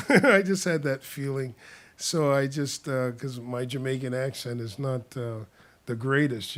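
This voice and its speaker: A man's voice: medium pitch, measured pace. A man casually telling stories about his past, rambling with restarts and chuckling often as he talks. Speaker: storyteller. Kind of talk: casual spoken storytelling.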